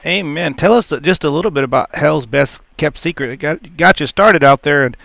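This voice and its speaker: A man's voice: on the high side, moderate pace, vocal fry, fairly bright tone, no echo. Upbeat Christian radio host, man. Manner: upbeat, laughs often. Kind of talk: Christian radio talk show.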